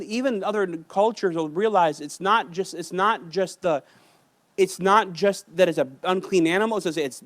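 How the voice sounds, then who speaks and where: A man preaching a sermon in a church with an Ohio accent, loud and emphatic with joking asides. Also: sits high, dry recording. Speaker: pastor. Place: church sanctuary.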